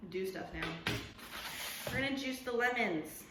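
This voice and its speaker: A woman's voice: fairly high pitch, lively intonation, unhurried. Teen girl vlogger, casual rambling chatter, echoey noisy kitchen. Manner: chatty, rambling, self-mocking. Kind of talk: casual baking vlog narration.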